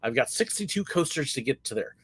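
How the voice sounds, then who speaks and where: A man's voice: mid-range voice, big pitch swings, fairly quick, fairly bright tone, husky. A middle-aged man hosting a casual livestream, answering viewer questions in a candid, chatty way with plenty of filler words. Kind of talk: casual live Q&A chat.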